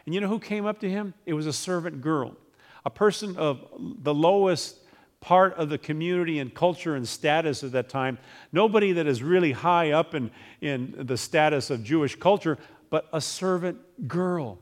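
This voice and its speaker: Animated man preaching a sermon. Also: mid-range voice, normal speed. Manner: animated, acts out voices in scripture retelling.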